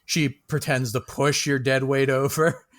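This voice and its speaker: A man's voice: mid-range voice, flat delivery, measured pace, a bit bright. A man narrating a tabletop game as game master, casual and loose, with many fillers and small laughs.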